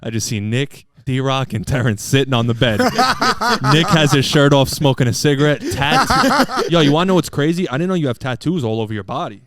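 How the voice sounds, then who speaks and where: A man's voice: mid-range voice, very animated, a little fast, few pauses, over a noisy crowd. A man co-hosting a podcast, telling a long story in loose, profane, laughing casual chat. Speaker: podcast co-host. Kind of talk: casual storytelling among friends.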